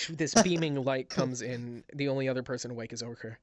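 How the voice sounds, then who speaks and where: A man narrating as game master, describing scenes with halting restarts. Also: medium pitch, a bit bright. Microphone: headset.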